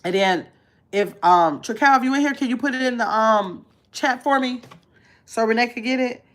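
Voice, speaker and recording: A woman hosting a casual livestream, chatting to her viewers and dropping to a low mumble while she searches her phone. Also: moderate pace, fairly bright tone. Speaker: livestream host.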